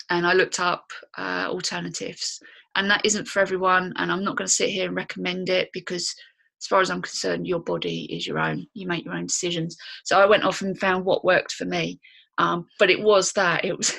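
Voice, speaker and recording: A woman on a podcast with a husky, breathy voice and a gravelly fry underneath. She talks candidly and bluntly, in a loose conversational flow. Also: fairly low pitch, pushed and bright. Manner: candid, chatty and blunt, swears freely. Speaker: podcast co-host. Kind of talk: casual podcast chat.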